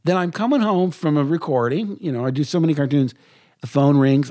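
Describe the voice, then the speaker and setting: An older man, a voice actor, telling lively anecdotes in an interview. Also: mid-range voice, a little fast. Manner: animated anecdotes, quotes himself in lively voices. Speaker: voice actor guest. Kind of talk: interview storytelling.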